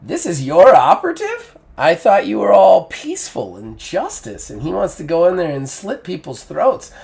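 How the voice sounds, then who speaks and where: A man's voice: mid-range voice, moderate pace, a crowd in the background, lightly acted. A man voicing a composed, teasing female faction leader in a live-play tabletop game.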